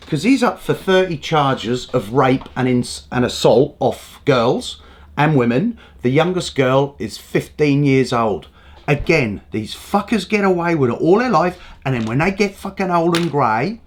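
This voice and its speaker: A man hosting a show and ranting with indignant, sweary energy. His voice sits a little high and swings widely up and down as he works himself up. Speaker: host. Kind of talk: ranting comedic commentary.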